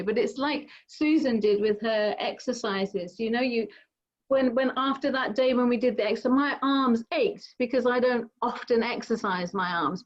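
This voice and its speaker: A middle-aged woman gently guiding a mindfulness session over a video call, explaining with everyday examples. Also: fairly high pitch. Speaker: mindfulness teacher. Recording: slightly dull video call audio.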